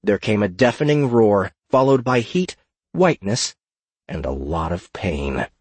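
Deep, husky male narrator. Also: dry recording. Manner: steady, measured reading. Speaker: audiobook narrator. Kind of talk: fantasy audiobook narration.

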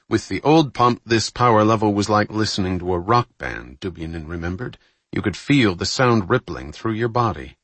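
A man narrating a novel with a steady, even delivery. His voice sits low, and the recording is close and dry with no room sound. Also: husky, dry recording. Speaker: audiobook narrator. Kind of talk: scripted narration.

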